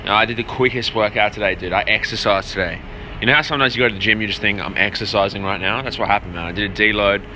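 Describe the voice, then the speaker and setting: A man's voice: fairly low pitch, rapid-fire, slight background noise. Breathless, profane man streaming from his phone. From Jordan. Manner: loose, profane and rambling, shouting out viewers by name. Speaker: vlogger answering live chat. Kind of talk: casual livestream chat. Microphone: phone held at arm's length.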